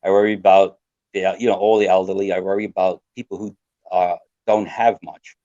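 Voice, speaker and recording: A man's voice: deep voice, level tone, fairly quick, dark tone, no room sound. An older man, a guest survival expert, talking earnestly and rambling in a casual podcast chat. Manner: earnest, rambling, repeats himself. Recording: dry, dull lo-fi sound.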